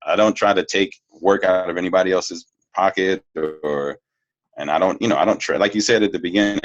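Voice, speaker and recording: A man's voice: deep voice, fairly even intonation, fairly quick, dry recording, muffled recording. A man who works as a voiceover actor, talking candidly and easygoing as an interview guest, laughing now and then. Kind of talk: casual interview talk.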